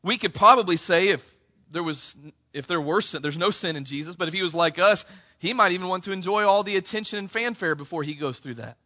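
A man preaching a sermon to his church, passionate, calling out to the congregation and rising to near shouts. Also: high-pitched, brisk, lo-fi sound. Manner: impassioned, rising to near shouts on quoted cries; addresses congregation as "church", frequent "right?". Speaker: pastor.

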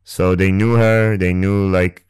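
A man hosting a podcast and telling a painful personal story. He speaks haltingly and emotionally, restarts often and swears, close to the mic. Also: low voice, flat delivery, a little mellow, clean tone, dry recording. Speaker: podcast host. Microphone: close ASMR microphone.

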